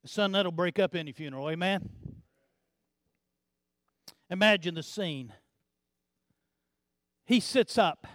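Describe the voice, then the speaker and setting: Male pastor, sermon, high voice, unhurried, hushed lows and loud emphatic peaks, repeats words for emphasis. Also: no room sound, clean studio sound. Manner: swings between hushed low passages and loud emphatic preaching; repeats words and restarts phrases while building emphasis.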